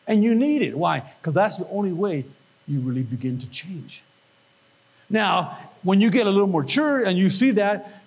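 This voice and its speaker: Animated, husky-voiced male preacher. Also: sits high. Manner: animated preaching with call-and-response. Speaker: pastor. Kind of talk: sermon.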